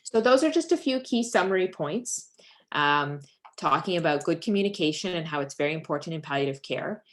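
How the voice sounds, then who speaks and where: Low-voiced woman teaching palliative care. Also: expressive, fairly quick. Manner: patient, explains step by step with example phrases. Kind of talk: live teaching session.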